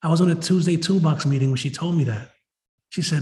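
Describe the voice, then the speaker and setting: A man's voice: fairly high pitch, quick pace, a little mellow. A man, giving a rambling, emotional personal testimony at a recovery meeting, full of "you know" and "like.". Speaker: recovery meeting member sharing.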